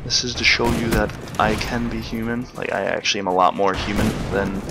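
Young man rambling over loud gunfire. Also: on the low side, fairly quick, heavy background noise. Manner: chatty, rambling, excitable bursts. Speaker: gamer doing live commentary. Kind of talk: live gameplay commentary. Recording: game gunfire loud in background. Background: gunfire and game sounds.

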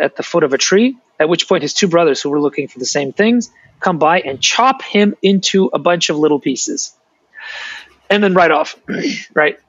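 Brief: male author, lively storyteller, a bit high, lo-fi dry call audio. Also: slightly rough, dry recording. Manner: animated storyteller, restarts often. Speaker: author and guest. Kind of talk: storytelling interview answers. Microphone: video call.

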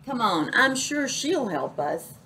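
A woman's voice: a little high, sing-song, slow, bright, forceful tone, slight background noise, pitched above the performer's own voice, heavily acted. A woman voicing a helpful, brave male firefly squid who speaks eagerly.

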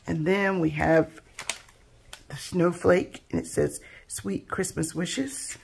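A woman's voice: lowish voice, steady tone, slow, vocal fry, slight background noise. A woman hosting a craft channel, chatting casually and admiringly as she unboxes handmade gifts. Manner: soft-spoken, gushing, admiring.

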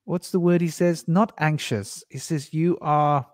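A man's voice: fairly high pitch, steady tone, unhurried, no echo, studio quality. Rambling anecdotal male storyteller. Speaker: podcast host. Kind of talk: candid storytelling conversation.

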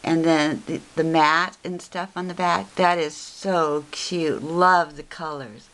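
Craft vlogger, woman, slow and low, gushing unboxing chat. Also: steady tone, fairly bright tone. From Texas. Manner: gushing, repeats "cute" often. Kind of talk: casual unboxing show-and-tell.

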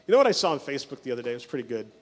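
A male pastor preaching a sermon, telling stories with quick mimicry of the people in them. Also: mid-range voice, big pitch swings, big-room sound.

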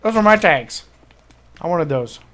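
A high-pitched man gives running commentary over his shooter game. He grumbles, swears and yelps in exasperated bursts as the match goes badly. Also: expressive, measured pace, fairly bright tone. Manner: frustrated, swearing, outbursts. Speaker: gaming commentator. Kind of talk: live gameplay commentary.

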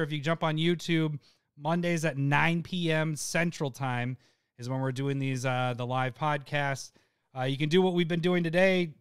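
A man co-hosting a live podcast, chatting casually and rambling through patron shout-outs. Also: on the high side, clean tone, dry recording, studio quality. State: hiccups and eating hot peppers. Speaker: podcast co-host.

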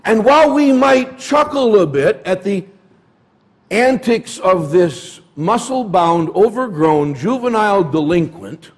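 A man's voice: high-pitched, lively intonation, takes it slowly. A man preaching a sermon in a church, retelling a story dramatically. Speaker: pastor.

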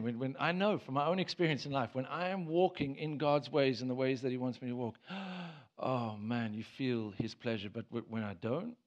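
A man preaching in church, earnest and direct, with a voice at a middle pitch. He stumbles over restarts, then pushes into emphatic bursts. The recording of the service sounds a little dull. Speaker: pastor. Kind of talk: sermon.

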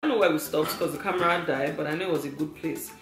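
A woman's voice: deep voice, very fast, echoey room, soft background music. Teasing woman. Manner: teasing, laughing, lively storytelling. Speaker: vlogger. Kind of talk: casual couple chat.

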